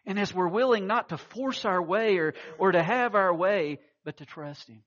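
A man's voice: high-pitched, moderate pace, fairly bright tone, dull audio. A man preaching a sermon, telling stories with acted-out quotes and frequent restarts. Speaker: pastor.

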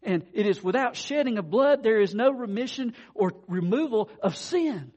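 Animated high-voiced male preacher. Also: moderate pace, highs cut off. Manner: animated preaching, swings from soft asides to loud declarations. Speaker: pastor. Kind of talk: sermon.

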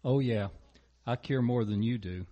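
A man playing God as a calm, patient listener who reassures softly. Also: mid-range voice, normal speed, muffled recording, natural voice. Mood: reassuring.

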